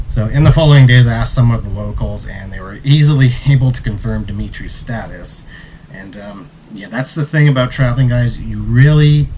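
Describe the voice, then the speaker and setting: A man's voice: mid-range voice, brisk, slight background noise, rough recording. Male travel vlogger, mid voice, laid-back storyteller. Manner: relaxed, acts out quotes. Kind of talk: casual storytelling.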